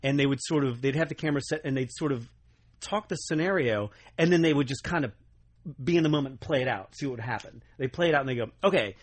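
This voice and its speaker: A young adult man co-hosting a podcast in casual chat, telling animated stories and slipping into quoted voices. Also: mid-range voice, fast talker. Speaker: podcast co-host.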